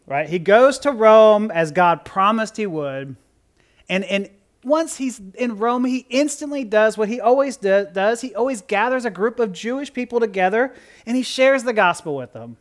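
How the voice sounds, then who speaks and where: Preacher, playful and expressive, lively pitch; delivers a conversational sermon with sudden loud bursts. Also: moderate pace. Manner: animated, joking, swings from quiet asides to loud outbursts. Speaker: pastor.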